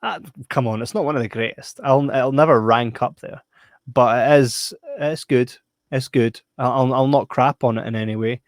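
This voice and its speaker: A man's voice: mid-range voice, moderate pace, no room sound, clean studio sound. A Scottish man co-hosting a podcast, giving laid-back, blunt and playful opinions on a film. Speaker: podcast co-host. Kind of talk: casual film review chat.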